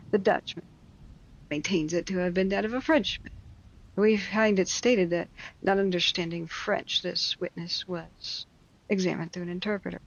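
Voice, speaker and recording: A woman reading a classic story aloud, breaking off for wry, mocking asides and quick explanations of old words. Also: on the low side, creaky, highs cut off. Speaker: reader.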